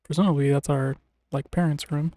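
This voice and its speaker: A man streaming a game live, making relaxed, rambling commentary with wry, sarcastic asides. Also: on the high side, fairly quick, dry recording. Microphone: desk mic on a streaming setup.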